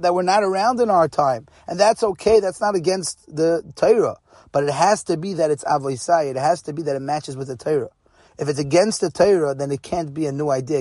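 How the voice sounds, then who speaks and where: Earnest rabbi with a higher, dry voice. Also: male voice, a little mellow, dry recording. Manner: earnest, repeats phrases for emphasis. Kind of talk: pre-Sabbath sermon.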